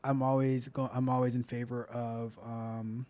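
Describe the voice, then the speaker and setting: A man's voice: mid-range voice, little pitch movement, measured pace, a little mellow. A man hosting his coding channel, talking in a loose, rambling way and repeating himself as he comments. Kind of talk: casual reaction commentary.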